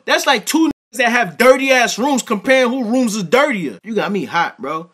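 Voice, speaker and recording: A man's voice: fairly quick, few pauses. A man from Brooklyn, reacting to a clip in a profane, exasperated casual rant. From Brooklyn, New York. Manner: profane, exasperated, animated rants with big swings in pitch. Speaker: reaction commentator. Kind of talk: heated casual commentary.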